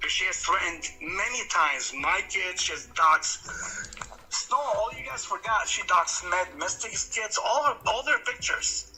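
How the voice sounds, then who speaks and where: A man's voice: high voice, lively intonation, a little slow, bright, forceful tone, soft background music, low-quality recording. A man ranting accusingly on a livestream that is played back. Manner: accusatory, emphatic.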